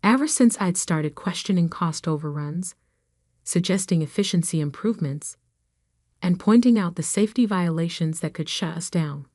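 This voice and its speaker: Brief: woman narrator, calm measured scripted storytelling, low voice, dry close sound. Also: no echo.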